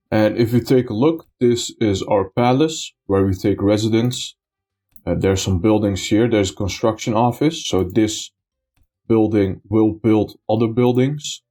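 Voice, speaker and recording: Man explaining a game in a low, dark voice. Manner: explanatory, step-by-step, with frequent uh and so. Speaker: let's play commentator. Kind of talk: gameplay commentary.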